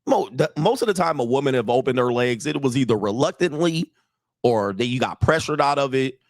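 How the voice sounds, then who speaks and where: A man's voice: mid-range voice, animated, fairly quick, no echo, clean studio sound. A man coaching on dating in a casual livestream monologue, blunt and profane, repeating himself and challenging his audience to disagree. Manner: blunt, profane, repetitive, asks the audience for agreement. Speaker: dating and relationship coach streaming live.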